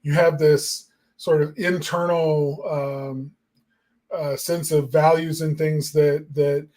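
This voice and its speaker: A man's voice: on the high side, flat delivery, slow, a little mellow. A man co-hosting a marketing talk show, musing in casual chat with lots of fillers. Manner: reflective and rambling, many fillers.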